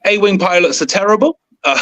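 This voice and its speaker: A man co-hosting a podcast in casual chat, excitable and rambling, with bursts of enthusiasm. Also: high-pitched, unhurried, poor audio. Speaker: podcast co-host.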